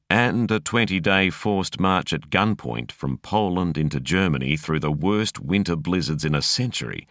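A man reading a novel aloud as an audiobook narrator, in a measured, expressive storytelling manner. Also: low-pitched, dry recording, clean studio sound.

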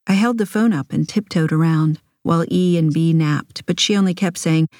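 A woman narrating a literary audiobook in an intimate first-person voice. Her pitch sits slightly low and her delivery is measured. The close studio recording is completely dry. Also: darkish tone, no echo.

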